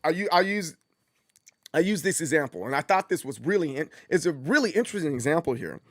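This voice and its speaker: A man chatting casually on his livestream, rambling with frequent restarts and jumping into high mock voices as he tells stories. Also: animated, fast talker, dry recording, clean studio sound. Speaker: streamer.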